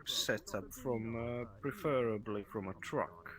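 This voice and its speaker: A man's voice: mid-range voice, a little slow. A man playing a polite customer in a game roleplay, asking hesitantly with lots of fillers. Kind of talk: in-character roleplay chat. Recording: loud crowd of players behind.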